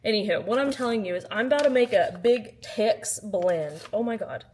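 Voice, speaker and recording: A woman vlogging casually about books at home, chatty and animated, swinging between loud exclamations and quiet asides. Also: mid-range voice, normal speed, a little hiss or hum. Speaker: book vlogger. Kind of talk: casual vlog chat. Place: at home, in her kitchen.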